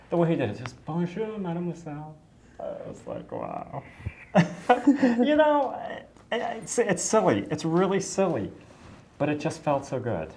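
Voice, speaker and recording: A woman's voice: very deep voice, mellow, slight background noise. A middle-aged woman from the United States casually telling a personal story, effusive and rambling, with many restarts and fillers.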